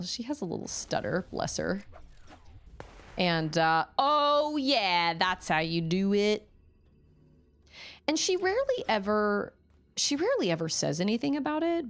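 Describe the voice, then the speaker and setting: Lively chatty woman streamer. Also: medium pitch. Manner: chatty, with sudden yelps of surprise. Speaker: game streamer. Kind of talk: casual gaming chat.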